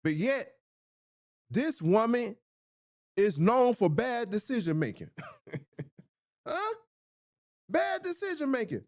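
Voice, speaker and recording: A man's voice: high voice, sing-song, slow pace, pauses often, no echo, clean studio sound. Blunt male commentator with a swooping delivery. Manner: blunt, provocative, emphatic. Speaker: host. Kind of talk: reaction commentary.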